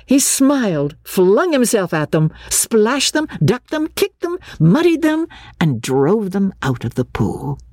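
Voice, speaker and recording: A woman reading a classic novel aloud with expressive, lilting narration. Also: medium pitch, slow pace, dry recording, clean studio sound. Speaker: audiobook reader.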